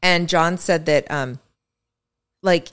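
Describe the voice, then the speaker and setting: A woman with a lowish, smooth and resonant voice tells a story in relaxed podcast chat. She slips into the voices of the people she quotes and keeps the pace lively. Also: takes it slowly. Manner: animated storyteller, acts out quotes. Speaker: podcast co-host. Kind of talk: casual chat.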